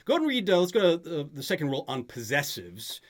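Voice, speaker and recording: A man tutors a student in grammar, talking fast in a fairly high voice whose pitch swoops wildly. He keeps the exchange casual and patient, often making sure she follows.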